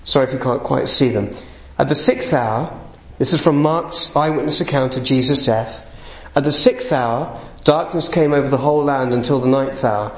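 A man's voice: mid-range voice, normal speed, roomy sound, poor audio. A man preaching a sermon, earnest and building to emphatic peaks.

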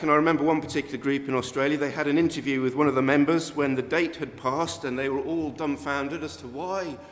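An older man delivers a sermon with a fairly high voice. He talks conversationally, then lifts his voice sharply for emphasis. The sound carries a long reverb from a church hall. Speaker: preacher.

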